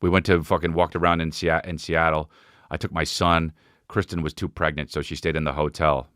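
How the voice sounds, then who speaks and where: A man with a very deep, bright-edged voice hosts his own podcast, speaking briskly in a level tone as he spins rambling, profane comic stories and imitates voices and sounds along the way. The recording is studio quality, with no room sound.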